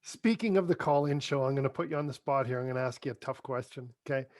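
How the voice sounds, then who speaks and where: A man's voice: medium pitch, fast, dry recording, studio quality. A man hosting a casual podcast interview, joking and laughing as he asks questions. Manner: jokey, laughs often while asking questions. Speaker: podcast host.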